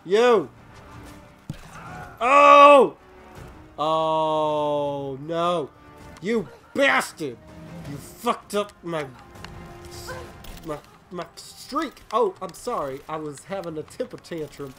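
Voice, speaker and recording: Excitable, swearing gameplay commentator. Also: mid-range voice. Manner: excitable, yelling and taunting enemies, swears a lot. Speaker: let's play commentator.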